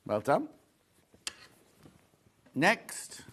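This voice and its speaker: A man's voice: on the high side, huge pitch swings, drawn-out words, a bit bright, husky. A man presenting a live shopping show, chatty and gushing, repeating his phrases as he shows off fabrics. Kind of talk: live sales chat.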